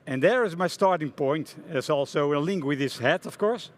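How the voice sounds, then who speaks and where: A middle-aged man with a Dutch accent gives a conference talk, telling a story in an animated way with many hesitations and restarts. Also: fairly high pitch, moderate pace. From Netherlands. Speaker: conference speaker, front-end architect. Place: conference hall stage.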